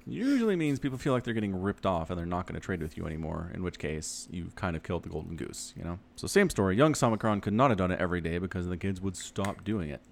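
A man in his thirties co-hosting a podcast, chatting casually and animatedly, his voice leaping up when excited. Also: fast, creaky, few pauses. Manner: animated, jumps high in pitch when excited. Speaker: podcast co-host.

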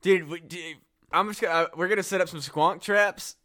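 Bright-voiced joking podcast co-host man. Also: sits high, steady tone, fairly quick. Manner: profane, joking, laughs often. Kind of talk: casual comedic chat. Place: Midwest US.

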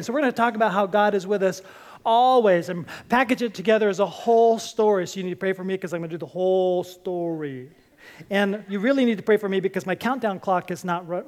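A pastor delivering a sermon from a church stage, talking in a lively way and returning to the same short phrases again and again. Joking asides lighten the teaching, and the voice sits at an ordinary middle pitch.

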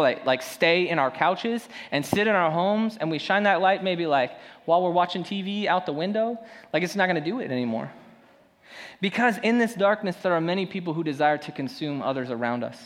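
Male pastor, raised voice, conversational sermon in a reverberant hall, shifts from punchy to hushed. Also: fairly high pitch, brisk. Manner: conversational preaching, swinging from loud emphasis to hushed.

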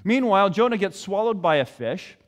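A pastor preaching a sermon, retelling a story in an animated, conversational way. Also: male voice, sits high, fairly quick, in a large hall.

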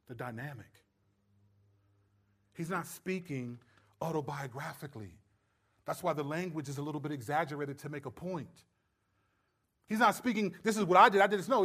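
A man with a notably high voice delivers a sermon, teaching verse by verse. His delivery is animated and playful, and he slips into little acted-out exchanges to drive home his point. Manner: animated, acts out quoted voices with humor. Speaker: preacher.

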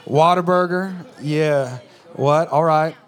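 A man's voice: a little high, slow pace. A man from California preaching as pastor, joking in a loose conversational way and drawing answers from the congregation in church. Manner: joking, talks back and forth with the congregation. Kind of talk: casual conversational sermon.

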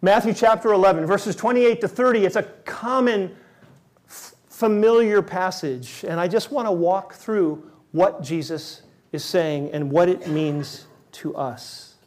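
Male pastor, slightly high voice, relaxed conversational sermon delivery with emphatic repetition. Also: unhurried. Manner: conversational, emphatic preaching with repeated words.

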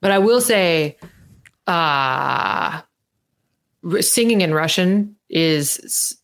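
A woman's voice: fairly low pitch, expressive, drawn-out words, fairly bright tone. A woman guest, a singer, talking enthusiastically in a casual chat with many fillers.

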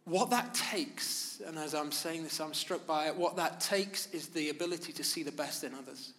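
A man preaching a sermon, speaking in measured, emphatic phrases with pauses. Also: fairly high pitch, fairly bright tone. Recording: long reverb of a large hall.

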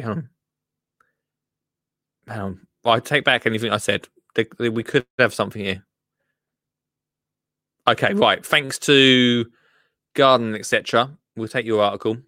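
Bright-voiced man hosting a podcast. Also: medium pitch, moderate pace, pauses often, dry recording, studio quality. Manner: rambling, self-interrupting, jokey. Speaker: podcast host. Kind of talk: casual podcast chat reading news.

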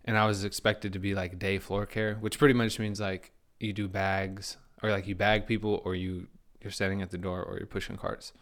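A man's voice: low-pitched, little pitch movement, moderate pace, hardly any pauses, fairly bright tone. A young man telling a work story in casual chat, slangy and laughing often. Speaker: podcast guest.

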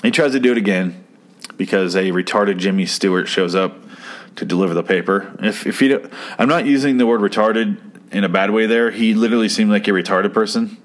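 Man with a lowish voice, casual episode recap, swears a lot, sarcastic nitpicker. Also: a little fast. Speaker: commentator reviewing a TV episode. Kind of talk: casual chat.

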